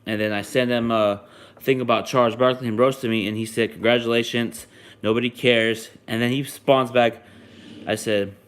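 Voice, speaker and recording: A man's voice: medium pitch, steady tone, moderate pace, a bit bright, clear, resonant tone. A young man hosting a sports podcast, chatting casually and rambling with frequent ums and restarts. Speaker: podcast host.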